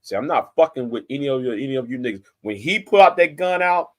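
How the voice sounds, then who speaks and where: This is an angry direct-to-camera rant by a man in his forties who comments on YouTube; he's threatening and profane and hammers points home by repeating them. His medium-pitched voice is expressive, and he talks fast.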